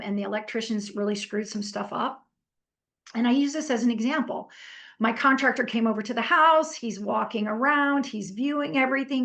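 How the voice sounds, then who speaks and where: Gravelly woman leading a workshop. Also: a little high. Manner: animated storytelling, conversational with fillers; asks the group for comments. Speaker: workshop trainer. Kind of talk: casual workshop teaching.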